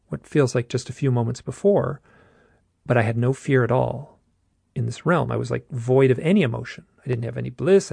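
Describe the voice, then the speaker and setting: A man casually recounting a personal experience, halting and restarting often, with a gravelly voice. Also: mid-range voice, dark tone, dry recording, clean studio sound. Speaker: guest telling his own story. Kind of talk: casual storytelling.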